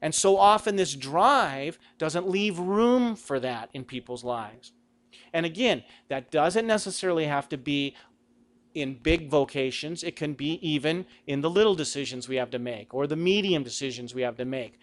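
A man's voice: on the high side, lively intonation, normal speed. A middle-aged man giving a conversational talk on Christian vocation, asking rhetorical questions. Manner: acts out quoted lines with a raised voice. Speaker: Catholic speaker.

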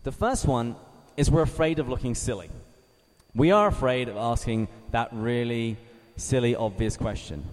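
A man from England, giving a measured teaching talk to a live group, reading scripture slowly and asking his listeners questions. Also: medium pitch, darkish tone. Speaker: Bible study speaker. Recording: reverberant hall.

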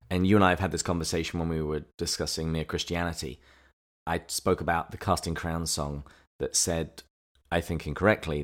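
A man co-hosting a casual podcast, summarizing chapters and reflecting on them in a relaxed, thoughtful way. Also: rumbling low. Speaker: podcast co-host. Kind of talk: casual book-discussion podcast.

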